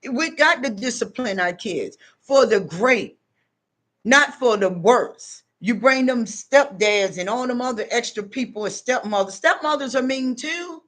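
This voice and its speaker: A woman's voice: a little high, animated, measured pace, fairly bright tone. A middle-aged woman, a spiritual self-help vlogger, giving an emphatic, unscripted motivational talk straight to her viewers. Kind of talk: unscripted motivational monologue to followers.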